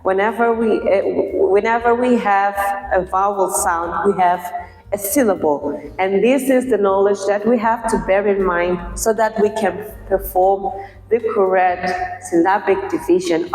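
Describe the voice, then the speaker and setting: A woman speaking very slowly and deliberately as she teaches a pronunciation lesson, carefully sounding out each word. Her voice rings through a very echoey room with a long reverb tail, with faint music behind it. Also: medium pitch, darkish tone. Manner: patient, repeats words slowly to model sounds. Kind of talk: slow, deliberate lesson explanation.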